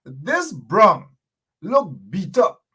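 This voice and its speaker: A man's voice: sits high, huge pitch swings, very slow, pushed and bright, slightly rough. A man hosting a live political talk show, joking and combative, with chuckling asides.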